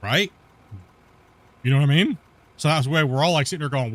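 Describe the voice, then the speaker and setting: A man's voice: a little high, fairly quick, a bit bright. Rambling laid-back male game streamer. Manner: rambling, full of "you know" and "right?"; laughs often, swears casually. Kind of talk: casual gameplay chat.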